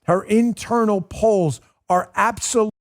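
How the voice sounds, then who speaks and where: A middle-aged male host with a high, emphatic voice tears into his target in a political commentary monologue. He is mocking and combative throughout, leaning hard on each jab. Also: measured pace. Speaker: political talk show host.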